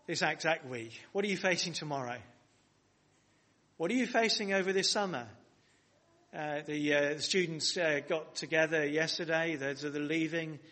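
A pastor delivers his sermon in a voice a little higher than most men's. He stresses his points with rising emphasis. He keeps turning to his listeners with rhetorical questions. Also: a bit bright. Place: church hall.

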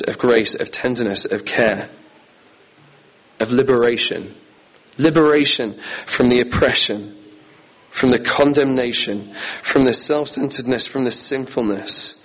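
An earnest man delivering a sermon, leaning hard on key phrases and repeating them for weight. His pitch sits in an ordinary middle range for a man. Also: normal speed, a bit bright, low-quality recording. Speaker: preacher.

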